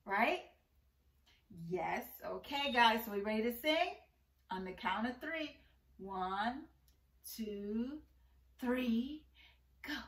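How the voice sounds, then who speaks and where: A woman teaching young children in a slow, sing-song, encouraging way, often breaking into short songs. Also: fairly high pitch, lively intonation, a bit bright, distant mic. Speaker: preschool teacher. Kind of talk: online circle-time lesson for young children. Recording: echoey room, voice a bit off-mic.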